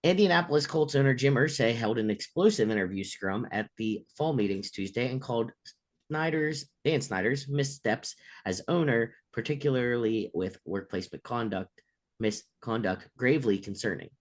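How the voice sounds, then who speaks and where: A man's voice: medium pitch, animated, moderate pace. A man co-hosting a casual sports talk show, reading news items and rambling with lots of "like". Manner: rambling, filler-heavy, lots of "like". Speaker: co-host.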